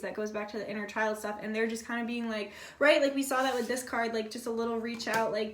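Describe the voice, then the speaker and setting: A fairly high-voiced woman talks her way through a casual tarot reading in a loose, blunt way, cursing without a second thought. Her voice bounces around an echoey room. She sits a little back from the mic. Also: level tone, quick pace, few pauses, fairly bright tone, distant mic, slight background noise. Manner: chatty and blunt, swears freely, many fillers like "like". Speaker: tarot reader.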